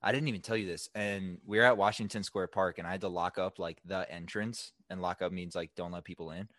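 This young podcast co-host has a low-pitched, steady, slightly bright voice and talks briskly, worn out from long workdays. His casual chat is laid-back, slangy storytelling full of "dude" and "bro." The sound is clean studio audio without echo.

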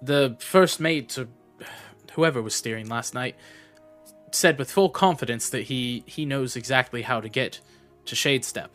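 A man playing his character in a tabletop game, speaking in a measured, reasoning way. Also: mid-range voice, fairly bright tone, faint music behind. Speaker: player. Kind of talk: in-character tabletop role-play.

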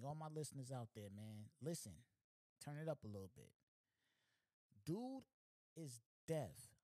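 A man hosting a podcast, telling a story in a casual, slangy, animated way, often asking "you know what I'm saying". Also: fairly high pitch, no room sound. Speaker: podcast host.

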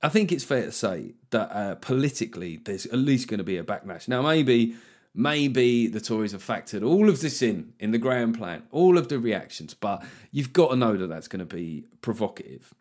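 A man hosting a solo podcast, ranting about politics in an animated, sweary, mock-incredulous way. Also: mid-range voice, moderate pace. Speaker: podcast host.

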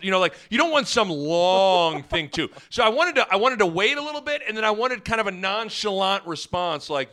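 A man co-hosting a sports podcast in casual chat, animated and prone to mock play-by-play calls. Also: high-pitched, moderate pace. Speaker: podcast co-host.

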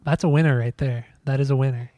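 Dry-teasing young man, mellow voice. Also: mid-range voice, steady tone, fast, no echo. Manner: dry teasing, runs the segments. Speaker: podcast co-host. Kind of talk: casual chat.

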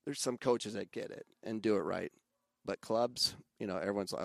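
A man who coaches youth soccer, talking casually and animatedly, jumping up into loud mimicry of other coaches and parents. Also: fairly low pitch, normal speed, gravelly, dry recording. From Arizona. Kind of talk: casual podcast conversation.

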